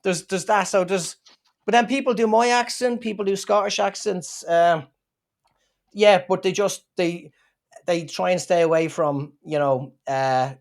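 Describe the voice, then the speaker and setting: An Irish man chats as a guest comedian, his voice sitting a little higher than most men's. He jokes his way through stories with lively, quick asides. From Ireland. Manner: lively, joking storyteller. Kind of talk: casual chat.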